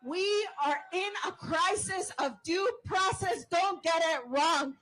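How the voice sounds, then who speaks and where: A woman's voice: very high-pitched, slow pace, a bit bright, rough recording. A woman giving an impassioned protest rally speech outdoors, leading call-and-response chants as a union member.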